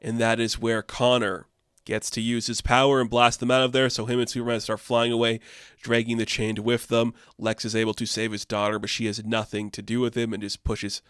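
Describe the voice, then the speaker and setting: A man's voice: mid-range voice, little pitch movement, brisk, a bit bright, smooth, no echo, studio quality. A man in a casual, chatty comic book recap who loosely paraphrases the characters' lines.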